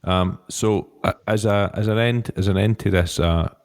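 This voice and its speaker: A man interviewing a guest, asking questions in a halting way and restarting his phrases often. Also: lowish voice, fairly even intonation, no echo. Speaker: podcast interviewer.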